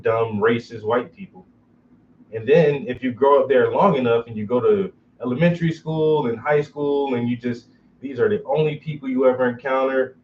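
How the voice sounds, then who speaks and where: A man's voice: medium pitch, a little hiss or hum. A man hosting a casual chat, talking bluntly and profanely and laughing often. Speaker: host. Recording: dull, muffled recording.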